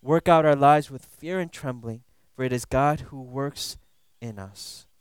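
A man's voice: mid-range voice, unhurried, smooth, dry recording. A man preaching a conversational Bible teaching sermon, casual and playful, tossing in "you know" and "right?" asides. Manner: playful, laughs at his own jokes.

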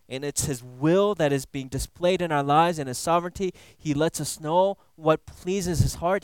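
A man's voice: on the high side, clear, resonant tone, no echo. A man preaching a conversational Bible teaching sermon, casual and playful, tossing in "you know" and "right?" asides. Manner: playful, laughs at his own jokes.

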